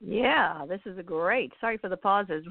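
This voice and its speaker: A woman's voice: medium pitch, expressive, normal speed, heavy background noise. A woman hosting a show, chatting casually between clips. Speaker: show host. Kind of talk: casual chat. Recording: tinny phone-like line.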